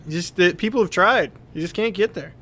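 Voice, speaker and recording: A man's voice: high-pitched, a little fast, fairly bright tone. A man running a tabletop game as game master, laid-back and joking.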